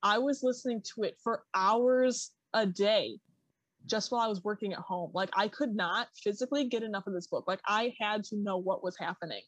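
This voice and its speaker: A woman's voice: medium pitch, a little fast, no echo. A young woman co-hosting a library podcast, chatting casually about books with lots of fillers and enthusiasm. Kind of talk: casual chat.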